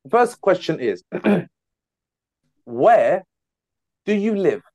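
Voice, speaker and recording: A man's voice: sits high, big pitch swings, very slow, darkish tone, dry recording. A Scottish man hosting a podcast, chatting casually and running a quiz in a joking manner. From Scotland. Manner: jokey, bursts into mocking impressions. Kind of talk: casual chat.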